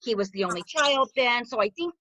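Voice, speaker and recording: A woman with a Southern US accent, co-hosting a podcast in relaxed, conversational chat with many short agreeing murmurs. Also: a little high, fairly quick, dry recording. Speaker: podcast co-host. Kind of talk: casual chat recapping a TV series.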